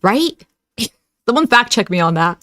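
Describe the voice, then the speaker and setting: A woman's voice: fairly high pitch, sing-song, unhurried, fairly bright tone. A woman hosting a reaction video, giving sarcastic commentary and laughing at her own remarks.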